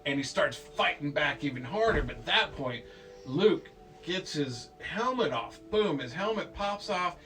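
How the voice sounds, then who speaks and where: Playful dad rambling through a bedtime story. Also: male voice, a little high, animated, measured pace, bright, forceful tone. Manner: playful, rambling, with silly sound effects. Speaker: parent telling a bedtime story. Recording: distant mic with faint music.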